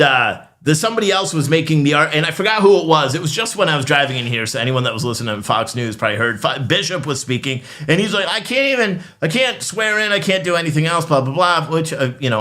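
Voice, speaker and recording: A man's voice: on the high side, pushed and bright. A man hosting a casual political commentary show, rambling and sarcastic, with frequent laughs and restarts. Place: studio.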